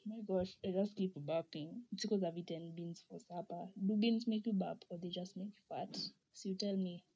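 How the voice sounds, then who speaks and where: A woman's voice: on the low side, steady tone, normal speed, mellow, husky, muffled recording. A young woman with a Kenyan accent, hosting a podcast and chatting casually as she reads out listener comments, laughing often and slipping Swahili slang into her English. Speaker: podcast host.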